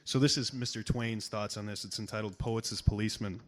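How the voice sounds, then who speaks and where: A man's voice: on the low side, steady tone, brisk. A man at an open mic in a bar, reading aloud and telling a joke as a folksy storyteller who punches up the punchlines.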